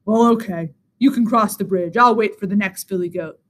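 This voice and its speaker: A woman voicing a great big ugly male troll under a bridge in a storybook reading, with a low, gruff, threatening delivery. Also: moderate pace, lightly acted. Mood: menacing.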